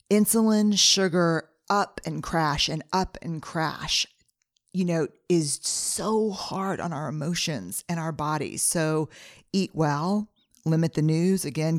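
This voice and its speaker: A woman's voice: deep voice, no echo, clean studio sound. A middle-aged woman hosting her own podcast, talking earnestly and personally as she walks through a numbered family plan with stories from home. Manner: earnest, personal, listing steps with anecdotes. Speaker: podcast host. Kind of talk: reflective solo podcast talk.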